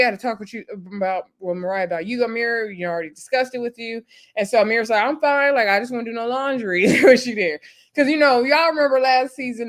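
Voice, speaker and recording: A woman's voice: fairly high pitch, a bit bright. A woman recapping a reality show episode in casual, opinionated, gossipy chat, retelling scenes with quoted lines.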